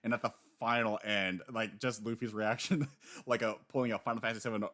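Low-voiced guy chatting casually, animated, laughs a lot, does little voices when retelling stuff. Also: fast talker. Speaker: podcast co-host discussing a manga. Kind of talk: casual chat.

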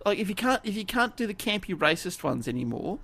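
A man's voice: sits high, sing-song, quick pace, vocal fry, sharp tone. A man co-hosting a casual chat, rambling with many restarts and laughs. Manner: rambling, self-interrupting, laughs often. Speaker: podcast co-host.

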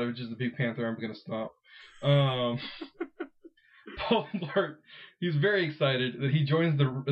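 Rambling man on a lo-fi podcast. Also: a little high. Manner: rambling, self-interrupting, laughs often. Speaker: podcast co-host. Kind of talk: casual podcast chat.

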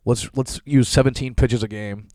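A man's voice: medium pitch, fairly even intonation, normal speed, mellow, no room sound, studio quality. A young man from the area, a comedian hosting a show, ranting loosely with lots of swearing and laughter. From Boston area, USA. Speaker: comedian podcast host. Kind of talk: profane comedic rant.

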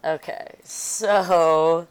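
A woman's voice: low voice, steady tone, very slow, clear, resonant tone. A young woman co-hosting a podcast, chatting casually, skeptical, laughing often and swearing casually. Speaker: podcast co-host. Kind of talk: casual chat.

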